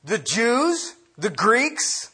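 A man's voice: very high voice, sing-song, extremely slow, sharp tone, slightly rough. A man preaching a sermon as pastor, emphatic and quizzing the congregation with questions.

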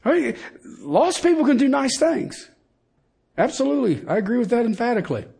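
A middle-aged man preaching a sermon in a folksy, emphatic way, swinging from loud points to hushed lines. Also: very high voice, sing-song, brisk, creaky, breathy edge. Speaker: pastor.

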